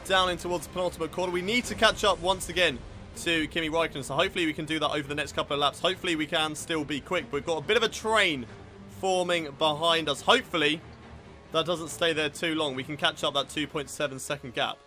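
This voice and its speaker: A young man narrates his racing game lap by lap. His voice sits high and bright, and he grows frustrated and swears when things go wrong. Faint game music plays behind him. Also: quick pace. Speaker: gaming video host. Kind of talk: live racing game commentary.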